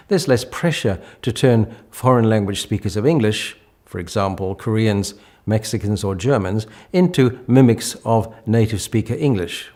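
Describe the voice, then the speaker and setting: A man speaks in a low voice, explaining ideas as a professor in a steady, measured lecture. He is academic in tone and sometimes restarts a word mid-phrase. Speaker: professor of applied linguistics. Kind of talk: lecture talk.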